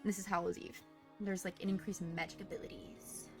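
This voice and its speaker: A woman's voice: lowish voice, flat delivery, fast, faint music behind. A woman player reading the game's holiday rules aloud during a tabletop session.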